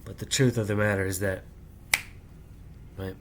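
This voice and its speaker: A man in a rambling personal monologue, speaking in halting, clipped fragments and tagging nearly every phrase with "right?" in a confrontational way. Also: fairly low pitch, steady tone, a little hiss or hum. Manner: insistent, confrontational address. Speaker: vlogger.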